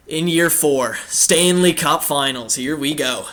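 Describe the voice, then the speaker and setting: A man's voice: a little high, takes it slowly, hardly any pauses, fairly bright tone. A young man casually commenting on a hockey video game as its host, rambling with many fillers and the odd swear. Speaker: gaming channel host.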